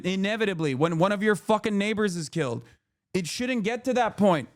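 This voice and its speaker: A man in his thirties giving heated, profane political commentary on a live stream, firing off angry rhetorical questions. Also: high voice.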